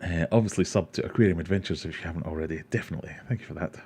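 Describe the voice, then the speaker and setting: A man's voice: low voice, racing, warm tone, slight background noise. A man hosting a casual livestream, rambling, joking and reading viewer comments aloud. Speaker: aquarium livestream host.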